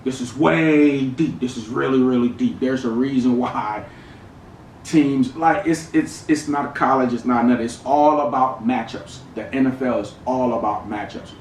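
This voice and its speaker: A man's voice: mid-range voice, normal speed, darkish tone, recorded from a distance, slight background noise. A man hosting a casual football reaction video, chatty and laughing easily as he repeats clips and talks through matchups. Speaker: sports video host. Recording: echoey room, off-mic, music behind.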